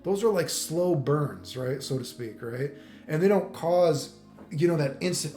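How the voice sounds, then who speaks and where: A man's voice: a little high, expressive, a little slow, warm tone. A man hosting a fighting game video, talking in a rambling, profane casual monologue. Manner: rambling, profane, many "you know what I mean". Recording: echoey room with faint music.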